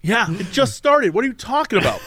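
Tired from no sleep, a podcast co-host tells a story in casual chat, animatedly mimicking other people's voices as he acts out their lines. His high, husky voice moves briskly, recorded at studio quality with no echo.

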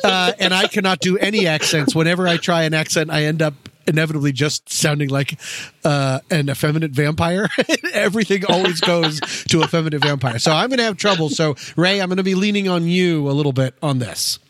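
A man's voice: a little high, brisk, a bit bright, dry recording. A man co-hosting a movie podcast, chatting casually and poking fun at himself with frequent laughs. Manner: chatty and self-deprecating, laughs a lot. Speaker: podcast co-host.

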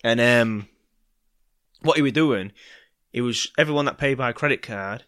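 A man's voice: mid-range voice, moderate pace, fairly bright tone. A British man co-hosting a podcast, telling long, rambling stories in casual chat, swearing freely and acting out the people in them. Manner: rambling storyteller, swears often, acts out voices in anecdotes. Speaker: podcast co-host.

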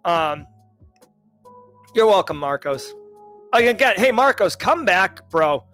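Hosting his daily cybersecurity news livestream, this middle-aged man with a mild Massachusetts accent keeps the chat with viewers jokey and loose, full of "like" and restarts. He talks slowly in a high, sing-song, fairly bright voice. There's soft background music.

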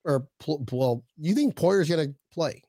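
A man co-hosting a casual sports podcast, excitable and jokey, slipping into mocking impressions. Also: a little high, normal speed, breathy edge, dry recording, studio quality. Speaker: podcast co-host.

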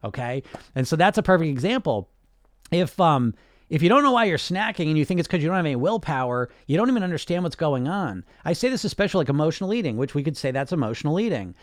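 A man's voice: a little high, sing-song, fast, no room sound, studio quality. A man hosting a casual podcast monologue as a weight loss coach, blunt and sarcastic, and he swears freely.

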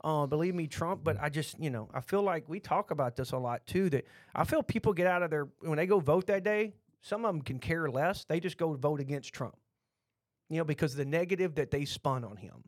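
A middle-aged Texan man speaks bluntly, tumbling through restarts as he airs his opinions on a podcast. His voice sits fairly high for a man, and the sound is dry and close. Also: expressive, a little fast, no echo. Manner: blunt, rambling, with many restarts. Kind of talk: casual opinionated chat.

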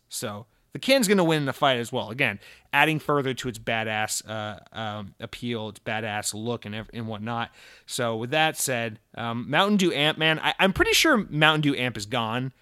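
Profane, animated male podcast host, dry mic. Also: mid-range voice, normal speed, dry recording. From Massachusetts. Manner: animated, profane, swings between loud rants and muttered asides. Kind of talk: casual chat.

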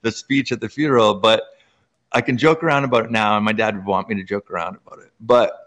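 A man from Canada, a guest author, telling personal stories in casual conversation, animated and full of "like" fillers. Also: fast talker. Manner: animated, pitch jumping up in excitement; heavy use of "like" as filler.

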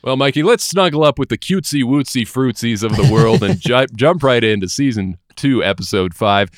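A man's voice: mid-range voice, expressive, normal speed, few pauses, no echo, clean studio sound. A Canadian man co-hosting a podcast, joking playfully, swearing and hyping up the episode. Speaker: podcast co-host. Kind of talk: casual podcast banter.

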